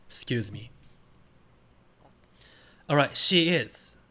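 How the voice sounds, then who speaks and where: A male streamer chatting casually while playing a guessing game, speaking in halting, simple phrases with bursts of excited cheering. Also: mid-range voice.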